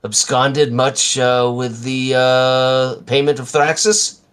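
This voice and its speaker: A man playing in a tabletop game, describing his character's actions with many pauses. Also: mid-range voice, level tone, fairly bright tone, clear, resonant tone. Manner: hesitant, many uh fillers. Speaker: player. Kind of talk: tabletop role-play.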